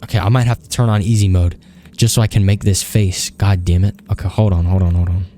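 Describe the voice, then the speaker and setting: A man's voice: low voice, fast, a little hiss or hum. A young man casually commenting while playing a video game, swearing often and talking to the characters. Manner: profane, excitable, talks to the game. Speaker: gaming video host. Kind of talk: casual let's-play commentary.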